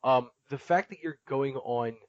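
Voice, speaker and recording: A man's voice: medium pitch, a little slow, dry recording. Laughing man retelling a scene, lo-fi. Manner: laughs often while retelling a cartoon scene. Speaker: podcast co-host. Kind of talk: casual chat. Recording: dull lo-fi, dry.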